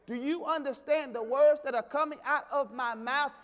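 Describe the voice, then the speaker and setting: Man, pastor, sermon, high voice, drawn-out emphatic questions. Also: animated, dull audio. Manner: emphatic preaching with repeated questions.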